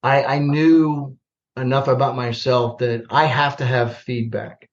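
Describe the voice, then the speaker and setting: An older man from the United States spins stories with energy and a self-mocking humor, acting out both sides of old conversations. His pitch sits in the middle range for a man. The podcast audio is slightly muffled and lo-fi. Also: unhurried. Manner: animated, self-deprecating, acts out dialogue. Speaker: podcast guest, retired army general. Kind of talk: storytelling in a podcast interview.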